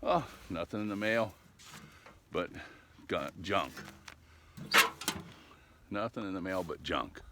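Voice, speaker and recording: A man's voice: sits low, animated, slow pace, pauses often, a bit bright, slight background noise. Folksy, rambling middle-aged man. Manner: folksy, meandering, tags lines with "eh?". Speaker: vlogger. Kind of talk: casual rambling chat. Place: outdoors, walking dogs.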